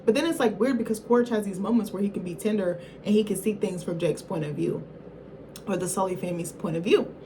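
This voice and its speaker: A woman's voice: mid-range voice, quick pace, dark tone, a little hiss or hum, poor audio. A woman vlogger giving a casual, rambling film review, swearing freely and acting out characters in quotes. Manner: chatty, profane, acts out characters in quotes; rambling, self-correcting, apologetic asides.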